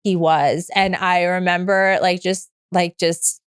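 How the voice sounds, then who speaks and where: A woman's voice: on the low side, little pitch movement, slow, clean tone, no room sound, clean studio sound. A woman in her thirties telling her own story as a podcast guest, open and frank, rambling with restarts. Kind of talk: candid personal story in conversation.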